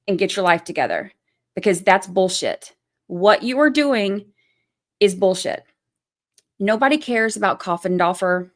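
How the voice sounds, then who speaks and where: A woman hosting a livestream, giving heated commentary in blunt, profane language and repeating her points for emphasis. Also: medium pitch. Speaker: channel host.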